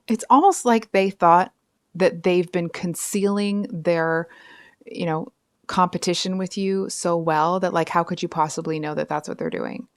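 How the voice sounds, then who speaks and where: A woman's voice: on the low side, steady tone, normal speed, smooth, no room sound, clean studio sound. A woman giving a casual tarot reading, chatty and rambling, with frequent asides and apologies. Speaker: tarot reader.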